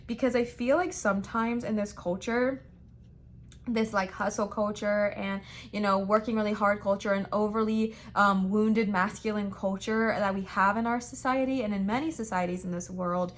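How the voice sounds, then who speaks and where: A woman's voice: medium pitch, a bit bright, slight background noise. A young woman giving a casual tarot reading, talking with emphatic, repeated reassurances and slangy, chatty phrasing. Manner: chatty and slangy, says frickin' and bestie. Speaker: tarot reader.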